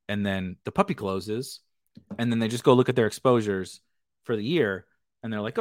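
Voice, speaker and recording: A man's voice: lowish voice, brisk, no echo, studio quality. A man hosting a fantasy football stream in a casual, rambling way, restarting sentences and chuckling often. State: has the hiccups. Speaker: fantasy football podcast host. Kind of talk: casual livestream chat.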